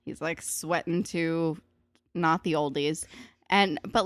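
A woman's voice: on the low side, expressive, normal speed, dry recording. A woman co-hosting a casual podcast, recapping a TV episode in a chatty, sarcastic way, swearing freely. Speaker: podcast co-host.

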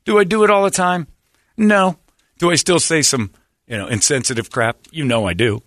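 A man's voice: on the high side, normal speed, fairly bright tone, no echo. A middle-aged man hosting a radio show, talking in a blunt, sarcastic, rambling way. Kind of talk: casual talk radio banter.

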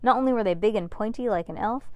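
A woman reading a children's novel aloud, brisk and lively, giving each character a voice. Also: on the high side, dry recording, lo-fi sound. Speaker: narrator.

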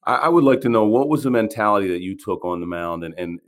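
A man, a former player co-hosting, speaking in a measured, reflective way with some halting restarts. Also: lowish voice, animated. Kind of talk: casual interview.

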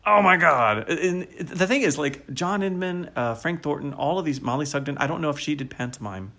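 A man co-hosting a podcast in casual chat, animated and enthusiastic, laughing often and using a lot of fillers. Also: on the high side, moderate pace. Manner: frequent fillers such as "like". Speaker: podcast co-host.

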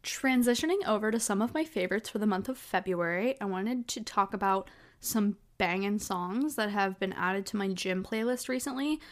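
A woman's voice: mid-range voice, normal speed, hardly any pauses. A woman in her twenties hosting her own podcast, telling stories in a chatty, casual way with lots of fillers. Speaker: podcast host. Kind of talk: casual solo chat.

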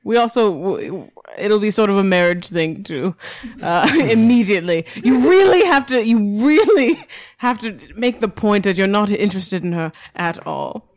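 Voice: mid-range voice, animated, normal speed, hardly any pauses, no echo, close to an everyday voice. A player voicing a vain, scheming young nobleman who gives haughty orders about a staged proposal. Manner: haughty, commanding, stifles giggles. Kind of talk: tabletop role-play in character.

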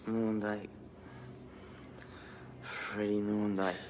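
An actor playing a gruff undercover cop in a crime film, in a clip with background noise. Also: male voice, lowish voice, little pitch movement, slow pace. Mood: urgent. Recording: film clip with noisy ambience.

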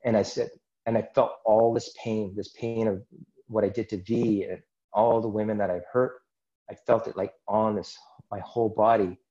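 A man's voice: fairly low pitch, little pitch movement, normal speed, dark tone, muffled recording. A man, a podcast guest, earnestly telling a personal story in conversation and acting out his own inner dialogue.

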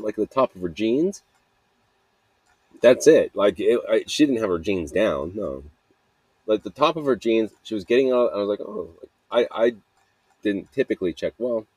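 A man's voice: lowish voice, darkish tone, husky, no room sound. A young man telling rambling stories outdoors at night in a casual monologue, laughing often and swearing casually. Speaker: podcast host.

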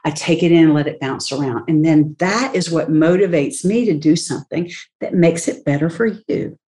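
A woman's voice: low voice, normal speed, warm tone. A woman speaking as a leadership expert in an interview, talking animatedly, acting out quoted voices and laughing often. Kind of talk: conversational interview talk.

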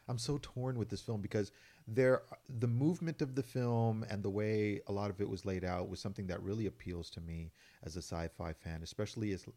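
A man's voice: fairly low pitch, mellow. A man co-hosting a casual radio talk show, rambling, swearing and laughing often. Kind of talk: casual chat.

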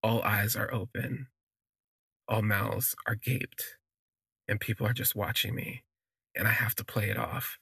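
A man narrates a personal story for his podcast in a relaxed, conversational way. He lingers on his words and drops in fillers as he goes. His voice is gravelly and a little husky, and it sounds close and dry with no room sound. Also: on the low side, unhurried, no room sound.

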